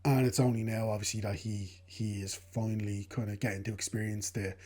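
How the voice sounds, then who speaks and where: Mellow-voiced man chatting about a film. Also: lowish voice, fairly quick. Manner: relaxed, hedging with fillers, laughs along. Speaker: film podcast co-host. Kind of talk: casual film discussion.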